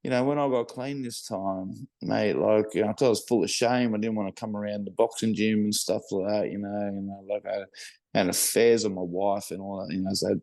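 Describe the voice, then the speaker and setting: A man's voice: lowish voice, fairly even intonation, a little fast, vocal fry, a little mellow, no echo. A middle-aged Australian man talking casually about recovery, rambling with lots of swearing and fillers. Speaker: guest in recovery. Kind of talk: casual podcast conversation.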